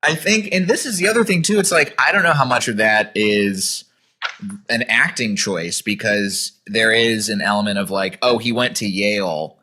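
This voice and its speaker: A man hosting a casual film review podcast. His voice sits lowish with a bright edge. He talks in a measured way, thinking aloud with small pauses and hedges. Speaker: podcast host.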